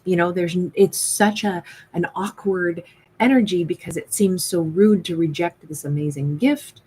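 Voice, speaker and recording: Lady doing a chatty tarot reading, lowish voice, acts out little quotes, bit of faint noise behind. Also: moderate pace, darkish tone, low-quality recording. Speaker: tarot reader. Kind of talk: casual tarot reading monologue.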